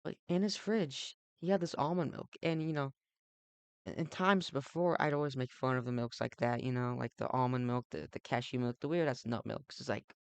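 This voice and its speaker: A man's voice: medium pitch, fairly even intonation, brisk, smooth, dry recording. A young man hosting a let's play, rambling through a comedic monologue with ironic asides, swearing, and lots of fillers.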